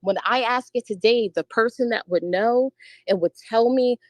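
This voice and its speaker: A woman with a slightly high voice argues on an online debate panel, combative and insistent, swearing freely. Her voice sits close and dry, with no room sound around it. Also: moderate pace, no echo, rough recording. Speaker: panel guest.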